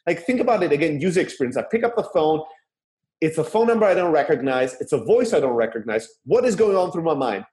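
Male sales coach, animated and blunt, fairly high voice, roomy echo. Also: fast. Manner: animated, emphatic, casual with swearing. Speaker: sales instructor. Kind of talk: informal teaching talk.

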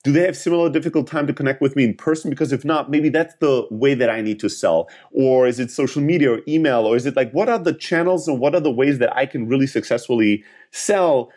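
A man's voice: mid-range voice, fast, few pauses, a little mellow. A man explaining sales advice to startup founders in a podcast interview, talking in long, earnest, winding answers.

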